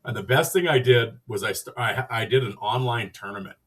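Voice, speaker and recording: A man's voice: medium pitch, brisk, fairly bright tone, distant mic. A man hosting a podcast, telling a casual, rambling story and acting out the dialogue with "I'm like" and "he goes.". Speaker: podcast host.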